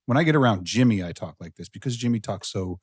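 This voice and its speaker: A man's voice: lowish voice, animated, fast, slightly rough, no room sound, studio quality. Blunt man with a Southern accent. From Colorado-born, raised in the US South. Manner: blunt, profane, laid-back. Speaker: podcast co-host. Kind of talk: casual podcast chat.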